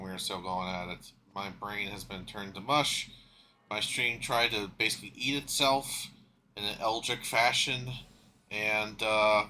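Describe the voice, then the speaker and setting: Bright-voiced, slow-talking male streamer. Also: fairly low pitch, slight background noise. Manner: flustered, swears freely, talks to himself. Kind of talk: casual gaming livestream chat.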